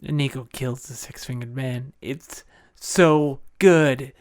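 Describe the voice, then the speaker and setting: A man's voice: medium pitch, fairly even intonation, slow pace, dry recording, studio quality. A man hosting a podcast, retelling a film in a casual, joking, enthusiastic way. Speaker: podcast host.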